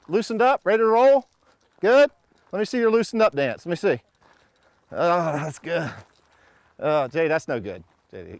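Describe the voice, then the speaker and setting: A man's voice: medium pitch, dry recording. A middle-aged man coaching young shooters at an outdoor range, joking with them and calling out drill commands.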